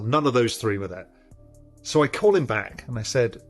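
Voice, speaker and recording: A man tells a trading story in a slightly husky voice, animated and casual, acting out the voices on the other end of the phone. Faint music plays underneath. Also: medium pitch, normal speed, pauses often. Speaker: interview guest, former trader. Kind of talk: storytelling anecdote.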